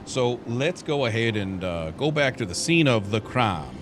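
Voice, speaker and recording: A man's voice: medium pitch, big pitch swings, unhurried, background noise. A man in a roleplay, questioning his client in a methodical way with legal jargon. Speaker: lawyer character in roleplay.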